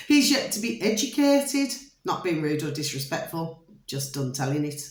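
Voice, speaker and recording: A woman's voice: sits low, sing-song, normal speed. A British woman vlogging, telling a long rambling story to her viewers in a theatrical, repetitive way and calling them pet names. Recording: roomy echo.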